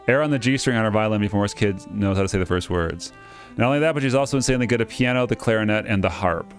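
Low-voiced male let's player, wry and self-interrupting, reading game text with faint music behind. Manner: wry, self-interrupting, stumbles over names. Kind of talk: reading a game script aloud with jokey asides.

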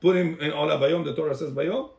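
A man's voice: fairly high pitch, fairly even intonation, racing, vocal fry, a little mellow. A rabbi teaching a Torah class to a congregation. He calls on listeners by name, quizzes them, and switches between English and Hebrew phrases.

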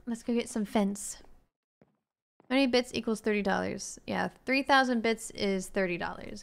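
A woman streaming a game live, putting on a mock-haughty diva manner and calling her chat "darling", with sudden swoops into shrill indignation. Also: normal speed, creaky. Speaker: gaming streamer.

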